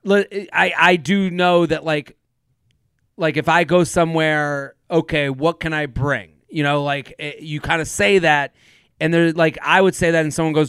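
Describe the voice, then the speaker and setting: A man co-hosting a podcast in casual chat, animated, laughing often and acting out quotes. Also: on the high side, normal speed, clear, resonant tone, dry recording, studio quality. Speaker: podcast co-host.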